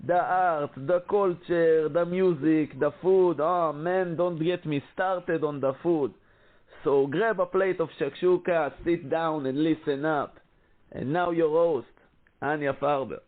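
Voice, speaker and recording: A man putting on a deep heavy-accented Israeli announcer. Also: takes it slowly. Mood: grand. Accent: put-on heavy Israeli. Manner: booming, theatrical announcer delivery. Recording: tinny phone-like line.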